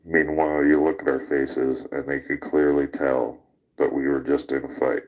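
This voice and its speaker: A man's voice: extremely low pitch, flat delivery, normal speed, lo-fi sound. A man hosting a casual talk show, telling a rowdy story with laughter and swearing. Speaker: podcast host.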